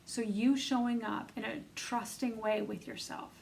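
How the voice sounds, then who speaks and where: A middle-aged woman leads a conversational self-help session, earnest and encouraging as she speaks straight to her listeners. Her voice sits a touch high and carries a gravelly fry. A faint hiss of noise sits under her words. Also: steady tone, a little slow, darkish tone, poor audio. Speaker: self-love coach leading an online bootcamp.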